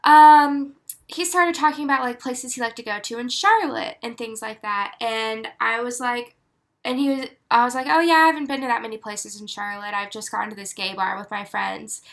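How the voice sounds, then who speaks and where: A woman's voice: a little high, fairly quick, creaky. A woman in her twenties, co-hosting a podcast, telling a story in casual chat and acting out what people said with many "like"s. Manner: animated storyteller, acts out quotes with many "like"s. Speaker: podcast co-host.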